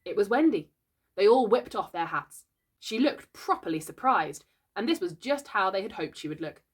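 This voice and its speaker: A woman reads a classic children's book aloud at an easy bedtime pace. Her voice sits in the middle range, neither high nor low. She tells the story gently and without hurry. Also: animated, moderate pace, slightly rough.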